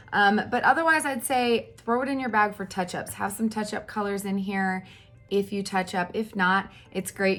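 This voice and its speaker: A woman in her thirties chatting casually through a makeup tutorial at home, animated, with fillers and exclamations. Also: mid-range voice. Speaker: makeup vlogger.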